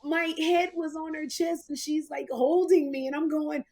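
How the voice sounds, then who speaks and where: A woman in her fifties, a talk show host, telling an emotional story in casual podcast chat, jumping high in pitch when she quotes herself. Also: steady tone, moderate pace, a crowd in the background. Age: 50s.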